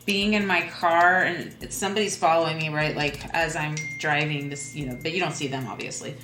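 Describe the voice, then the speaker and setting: A woman's voice: sits low, steady tone, a little fast, over music. A woman comedian chatting as a podcast guest in a playful, rambling way. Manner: playful, rambling, full of fillers. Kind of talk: casual chat. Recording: echoey room.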